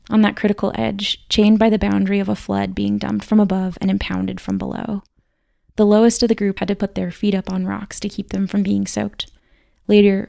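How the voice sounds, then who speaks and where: A woman podcast host reading measured, scripted documentary narration. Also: medium pitch, gravelly, dark tone, no echo, clean studio sound.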